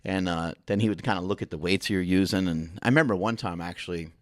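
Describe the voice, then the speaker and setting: A man's voice: low voice, fast talker, dry recording, clean studio sound. A man hosting a podcast in casual chat, telling rambling, profane stories. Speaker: podcast host.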